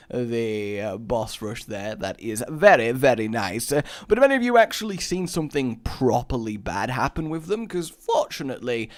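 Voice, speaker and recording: Lively, excitable male gameplay commentator. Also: mid-range voice. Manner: excitable, gushing, mimics explosion sounds. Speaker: gaming channel host.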